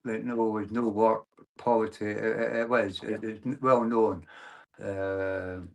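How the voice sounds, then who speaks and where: A man in his sixties from Glasgow, telling his own story as an interview guest, in a halting way with frequent restarts and the filler "like, no". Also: fairly low pitch, little pitch movement, creaky. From Glasgow, Scotland. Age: 60s. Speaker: guest, abuse survivor and campaigner. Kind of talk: personal testimony in conversation.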